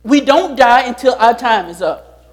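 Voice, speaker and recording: A man's voice: very high voice, animated, unhurried. A pastor preaching a sermon, repeating his key lines and putting rhetorical questions to the congregation.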